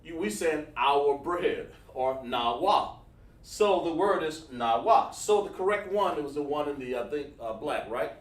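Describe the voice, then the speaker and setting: A man's voice: on the high side, moderate pace, hardly any pauses, recorded from a distance. Man teaching in an echoey room. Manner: relaxed, repetitive, thinks aloud while writing on a board; greets and praises students by name from the chat. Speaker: class instructor. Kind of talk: livestreamed language lesson. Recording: echoey room, speaking away from mic.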